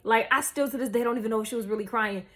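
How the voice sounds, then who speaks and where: A young woman telling a story to camera in a casual, animated, profane way, full of slang. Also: on the high side, rapid-fire. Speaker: vlogger.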